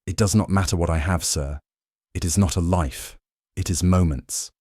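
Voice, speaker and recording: A man narrating a sleep story, voicing a reserved young male valet who speaks in a quiet, formal, polite way. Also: deep voice, normal speed, husky, no echo, studio quality.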